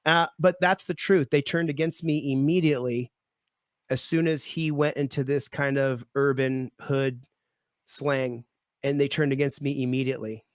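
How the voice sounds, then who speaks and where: A man, the guest of an interview, telling a personal story in a lively way and acting out the people in it. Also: mid-range voice, moderate pace, no room sound, studio quality. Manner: lively, acts out voices in his stories. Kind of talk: animated storytelling.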